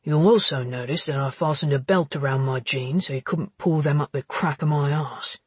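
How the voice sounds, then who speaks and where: A woman voicing a cocky, teasing man in an audiobook, speaking with a smug, husky drawl. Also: normal speed, no room sound. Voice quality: husky, low and hushed.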